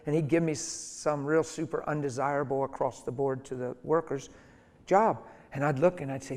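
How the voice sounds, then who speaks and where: A middle-aged man preaching through a personal story, animated and emphatic, acting out the voices of the people in it. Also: fairly high pitch, brisk. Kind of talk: storytelling sermon. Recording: long hall reverb.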